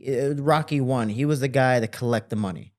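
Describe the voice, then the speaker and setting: A man telling stories from his childhood as a guest in an interview, with lively quoting and relaxed fillers. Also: a little fast. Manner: animated, jumps higher to quote people; fillers and restarts, relaxed flow. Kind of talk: casual storytelling.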